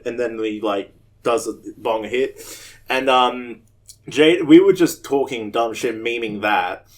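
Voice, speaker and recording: A man's voice: mid-range voice, moderate pace. A young Australian man telling a rambling, profane story on a casual podcast. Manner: rambling and profane, with loud animated quoted voices. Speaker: podcast co-host.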